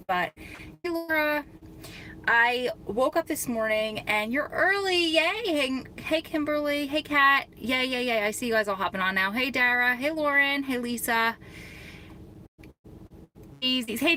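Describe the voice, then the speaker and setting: Bright, chatty woman with a scratchy throat. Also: on the high side. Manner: greets viewers by name while chatting. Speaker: vlogger hosting a live stream. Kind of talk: casual live-stream chat. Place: parked car in a parking lot.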